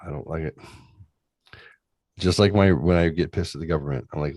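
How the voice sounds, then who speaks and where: A man's voice: a bass voice, fairly quick, long pauses, a little mellow, no echo. A man hosting a podcast, chatting casually and ranting with lots of swearing into a close mic. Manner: profane ranting. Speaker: podcast host. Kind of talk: casual chat, reading aloud.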